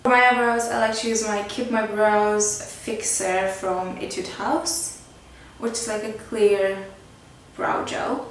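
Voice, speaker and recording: A woman's voice: medium pitch, fairly even intonation, slow. A woman vlogger chatting casually through a makeup tutorial, filling her talk with "like" and "kinda". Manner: chatty, filler-heavy with frequent "like" and "kinda". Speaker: beauty vlogger. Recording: very echoey room, mic at a distance, faint background noise.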